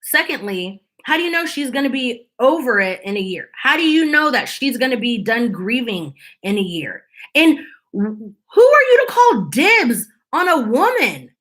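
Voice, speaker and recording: A woman with a slightly high voice chats straight to her viewers as host of her own channel. She sounds exasperated and sarcastic, and she airs strong opinions in a loose, rambling commentary. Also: big pitch swings, moderate pace, a bit bright.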